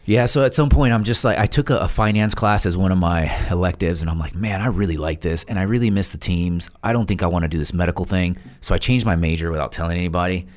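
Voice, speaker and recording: A podcast guest who is a retired Navy SEAL talks in a low voice at a quick clip, with hardly any pauses. He animatedly relates a story in casual conversation, performing others' dialogue with laughs.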